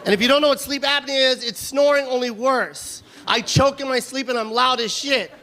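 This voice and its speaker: A male stand-up comedian performing a loud, animated, profane routine on stage. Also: very high voice, fairly quick. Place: comedy venue stage before a live audience. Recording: live stage recording with crowd laughter and noise.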